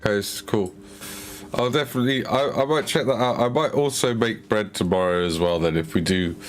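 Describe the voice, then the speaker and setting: A very low-voiced man chats idly while painting miniatures on a stream. He rambles in a relaxed way and often restarts his sentences. Faint music plays in the background. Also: brisk.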